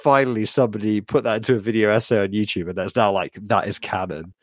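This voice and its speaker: A rambling man with a fairly low voice, co-hosting a loose podcast chat over a call. He tells stories in an animated way and acts out the quotes. The sound is dry and close. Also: quick pace, no echo. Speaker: podcast co-host. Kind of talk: casual chat.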